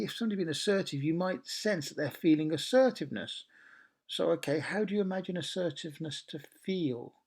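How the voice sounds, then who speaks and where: A man's voice: a little high, gravelly, a little mellow, slightly rough. A man coaching a training session, working through ideas in lists and asking the group questions. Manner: questioning, listing with many pauses.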